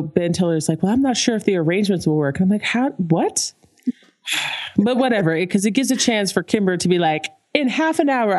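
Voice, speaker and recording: A woman co-hosting a podcast, chatting casually and acting out the lines she quotes, with laughs. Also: medium pitch. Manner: animated, acts out quoted characters with laughs. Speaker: podcast co-host. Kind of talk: casual chat recapping a cartoon episode.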